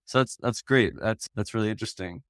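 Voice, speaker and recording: A man's voice: fairly low pitch, a little fast, fairly bright tone, no room sound, clean studio sound. Encouraging man hosting a podcast. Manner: encouraging, asks follow-up questions, rephrases guest's words. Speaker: podcast host. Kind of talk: casual interview.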